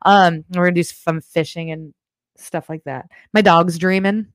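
A woman's voice: on the low side, fairly even intonation, unhurried, no room sound. A woman hosting a casual livestream show, chatting bluntly with viewers, swearing freely, and rambling through asides from her home setup. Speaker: podcast host.

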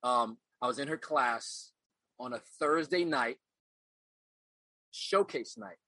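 A man's voice: medium pitch, slow, sharp tone, no echo, low-quality recording. A middle-aged man, a podcast guest, telling his life story in an earnest, reflective way, often repeating phrases as he searches for words. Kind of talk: casual interview storytelling.

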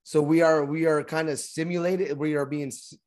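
Man, fairly high voice, halting, restarts often, thinks aloud. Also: fairly even intonation, darkish tone. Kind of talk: casual discussion.

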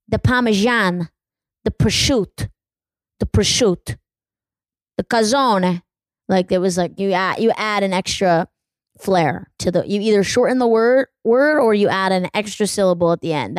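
A woman's voice: fairly low pitch, a little mellow, no echo. A young woman hosting a podcast, chatting casually in a rambling, self-deprecating way full of fillers. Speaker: podcast host. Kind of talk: casual solo chat.

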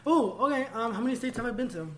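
A man's voice: extremely high pitch, animated, quick pace, a crowd in the background. A young man co-hosting a casual podcast chat, blunt and complaining in a playful way, swearing freely. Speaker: podcast co-host.

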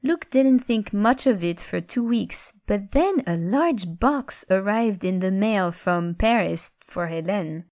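A woman narrating a scripted story in a steady, even storytelling manner on a close mic. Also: mid-range voice, slow, hardly any pauses, dry recording. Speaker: audiobook narrator.

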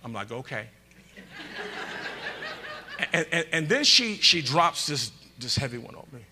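A man pastor preaching a sermon, calling out to the congregation and swinging between loud bursts and quiet asides. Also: fairly high pitch, very animated, fairly quick, a little hiss or hum.

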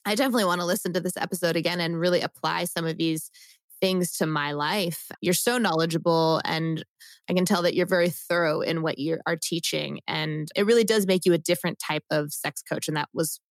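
Female podcast co-host, lower register, effusive casual delivery, dry studio sound. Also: brisk, dry recording. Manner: laughs often, effusive.

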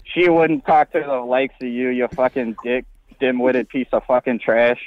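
Brash profane caller with a Boston accent. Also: male voice, medium pitch, fairly even intonation, normal speed, dry recording, dull audio. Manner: brash, profane, mock-tough. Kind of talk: crude comic banter on a phone call.

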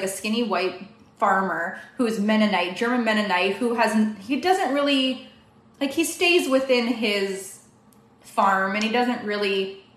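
A young woman from Canada, a guest telling a story in a casual, animated way, quick and full of "like" fillers. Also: mid-range voice. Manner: fast, animated, many "like" fillers. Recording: echoey room.

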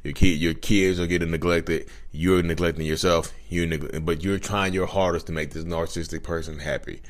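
A man's voice: low voice, steady tone, moderate pace. A man hosting his own channel, talking casually to viewers, chatty with frequent restarts. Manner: restarts often, chatty, addresses viewers as y'all. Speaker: podcast host. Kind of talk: casual talk to camera.

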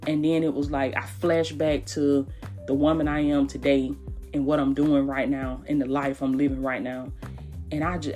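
A woman hosting a devotional podcast, preaching in a hushed, half-whispered voice from a small closet, repeating phrases and calling listeners "baby.". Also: low voice. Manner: repetitive, calls listeners "baby" and "y'all". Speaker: podcast host.

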